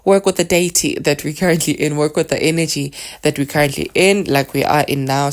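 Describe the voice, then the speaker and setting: A woman hosting a podcast, explaining a spiritual practice in a soft, meandering way and leading chanted names. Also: low-pitched. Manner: soft-spoken and meandering, with many fillers. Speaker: podcast host.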